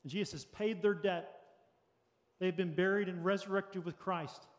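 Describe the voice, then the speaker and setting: A man's voice: high-pitched, fairly even intonation, moderate pace, in a large hall. A man preaching a sermon as pastor, earnest and practical, with light jokes for the congregation. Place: church sanctuary.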